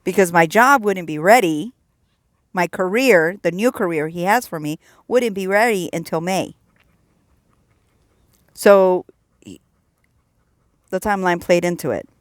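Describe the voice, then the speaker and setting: A woman sharing a personal faith testimony in an earnest, animated storytelling way, dropping low and soft at serious moments. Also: a little slow, long pauses, no echo, clean studio sound. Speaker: Christian vlogger sharing testimony.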